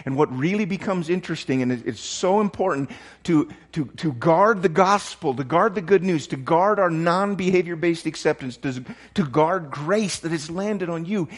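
A man's voice: a little high, moderate pace. A middle-aged pastor preaching a sermon, often restarting words and suddenly raising his voice for emphasis. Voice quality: repeats and restarts words, emphatic jumps in volume.

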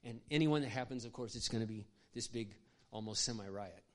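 A man's voice: lowish voice, a little fast. An older man who is a pastor, preaching a sermon through personal stories. He speaks passionately and conversationally, with asides to his audience. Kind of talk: sermon storytelling.

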